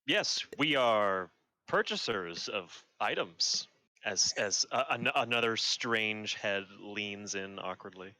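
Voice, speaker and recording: A man playing a tabletop game, narrating his character's actions in a halting way with many restarts. His voice is fairly low but bright, and the sound is dry and close. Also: expressive, no echo. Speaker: player. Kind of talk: casual tabletop game play.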